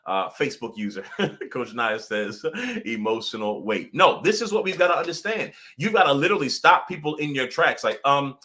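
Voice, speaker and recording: A young man coaching viewers on a live stream, energetic and chatty, laughing often and acting out little dialogues. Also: mid-range voice, normal speed. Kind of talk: motivational live-stream talk.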